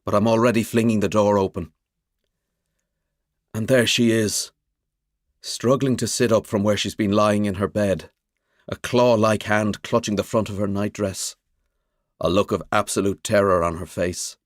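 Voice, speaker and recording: A man's voice: fairly low pitch, normal speed, long pauses, no echo, clean studio sound. A man narrating a suspense audiobook in the first person, telling it dramatically. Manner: expressive, dramatic storytelling.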